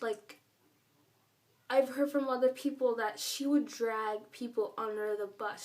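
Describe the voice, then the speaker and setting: With a fairly even, unhurried voice on the high side, a female vlogger rambles through a casual story. She says "like" constantly and emphasizes her points hard, and her voice sits a bit distant from the mic.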